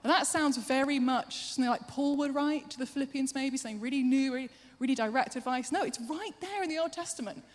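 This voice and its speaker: A woman preacher giving a sermon, chatty and self-deprecating, with quick asides to the congregation. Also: high voice. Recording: long hall reverb.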